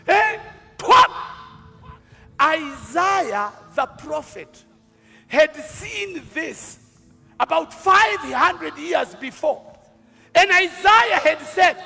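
A high, bright-voiced man with a Kenyan accent delivers a sermon at an unhurried pace. He shifts from quiet storytelling into shouted declarations. It is a live recording in a large hall with long reverb and faint music behind. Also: gravelly. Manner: dramatic preaching that swings from quiet storytelling to shouting. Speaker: bishop.

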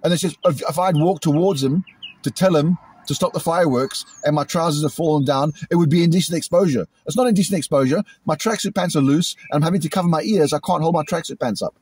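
Agitated, husky-voiced British man, rapid-fire. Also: on the high side, dry recording. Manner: upset, repetitive, imitates loud bangs. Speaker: vlogger. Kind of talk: agitated monologue to camera. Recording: outdoors in a cemetery.

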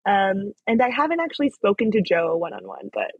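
A young woman guest races through her story in a husky, breathy voice. She fills it with "like" and acts out the lines of others. The sound is dry and a bit muffled. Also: mid-range voice, lively intonation, brisk, dry recording. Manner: chatty, many "like" fillers, acts out quoted lines. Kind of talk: casual interview storytelling.

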